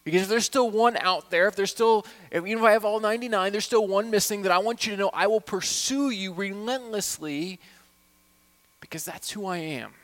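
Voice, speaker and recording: A male pastor delivering a heartfelt sermon. His voice sits a little high for a man, and he swings between quiet, intimate asides and loud, pleading appeals to his congregation. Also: brisk. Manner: impassioned preaching, swinging from hushed to loud.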